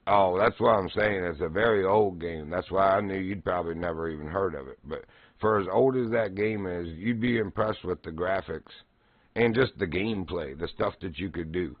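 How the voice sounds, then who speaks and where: Casting note: deep-voiced male streamer, laughing storyteller, dry dull mic. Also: normal speed, no room sound. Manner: laughs often while telling stories, drawls. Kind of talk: casual storytelling.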